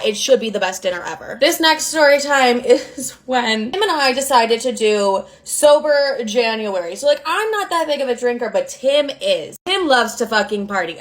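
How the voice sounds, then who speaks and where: A woman's voice: a little high, a bit bright. Blunt, foul-mouthed young woman telling stories. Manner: blunt, sarcastic and heavily profane; dramatic, acts out quoted dialogue. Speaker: storytime creator. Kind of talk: casual storytime monologue.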